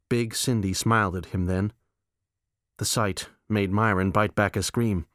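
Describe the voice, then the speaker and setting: An audiobook narrator with a lowish voice reads a novel slowly and deadpan in scripted narration. The studio sound is clean, with no room sound.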